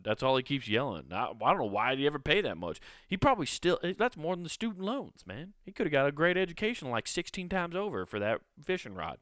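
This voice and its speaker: A man's voice: a little high, big pitch swings, fast, hardly any pauses, fairly bright tone, no room sound, clean studio sound. Profane young man riffing on a story. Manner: profane, laughing, rambling asides. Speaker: streamer reacting to a story. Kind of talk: casual reaction commentary.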